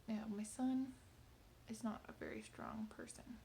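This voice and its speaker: Her voice fairly even, on the high side and creaky, a woman in her thirties tells her video diary about a difficult evening with her son. She is a mother who speaks softly and haltingly, often close to a whisper and at times tearful, over slight background noise.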